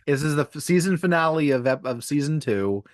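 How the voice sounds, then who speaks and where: A man's voice: a little high, expressive, fairly quick, dry recording. A man co-hosting a podcast, chatting casually and making dry jokes while recapping an old sitcom episode. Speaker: podcast co-host.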